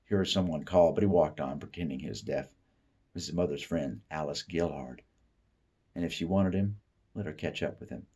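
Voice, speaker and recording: A man from the Appalachian South giving a steady, unhurried literary reading of a short story. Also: a bass voice, husky. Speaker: author reading fiction.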